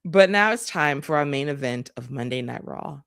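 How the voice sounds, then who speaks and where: A woman's voice: deep voice, moderate pace, vocal fry, dry recording, clean studio sound. Sarcastic woman recapping wrestling. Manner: animated, sarcastic, profane. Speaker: podcast co-host.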